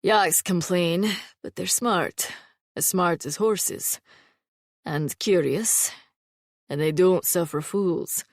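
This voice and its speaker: A woman's voice: lowish voice, slow pace, no echo. A woman voicing a stern, formal immortal male swordsman in an audiobook, speaking in a clipped, dry way. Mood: steady, formal. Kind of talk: audiobook character reading.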